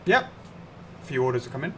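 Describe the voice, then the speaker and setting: A man's voice: medium pitch, sing-song, fast, slight background noise. A man co-hosting a live stream, casually chatting and answering viewer comments aloud. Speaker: livestream co-host.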